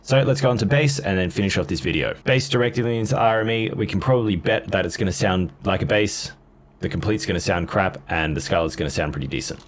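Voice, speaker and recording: A man's voice: sits low, fast talker. A man casually demoing and comparing guitar gear, blunt and offhand in his comments. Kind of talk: casual gear demo talk.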